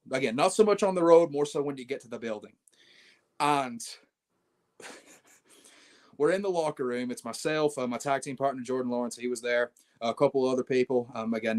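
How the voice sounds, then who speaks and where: A brash young man, a wrestling champion, telling swaggering stories in a casual interview and calling people mate. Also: mid-range voice.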